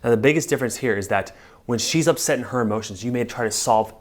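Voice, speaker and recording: A man working as a marriage therapist, giving a lively coaching lesson in a chatty way and acting out quoted voices. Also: mid-range voice, fast. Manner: lively, acts out quoted voices, chuckles often; conversational, frequent fillers like "like" and "right".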